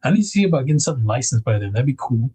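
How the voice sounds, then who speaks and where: A man's voice: medium pitch, sing-song, very fast, warm tone, husky. A man hosting a casual livestream, chatting to viewers, reading their comments aloud and laughing often. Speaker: livestream host.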